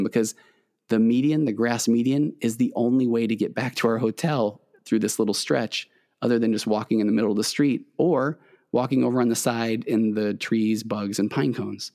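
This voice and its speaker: A man's voice: mid-range voice, steady tone, normal speed, darkish tone. A middle-aged man, a therapist, earnestly telling a personal story and acting out the dialogue between himself and his wife. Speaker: therapist and host. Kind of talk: conversational storytelling.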